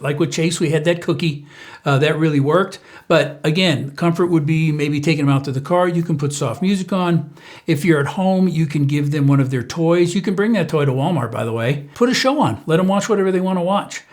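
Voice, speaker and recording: A man's voice: a little high, darkish tone. A middle-aged man hosting a parenting channel, giving casual, conversational advice to camera with frequent fillers and restarts.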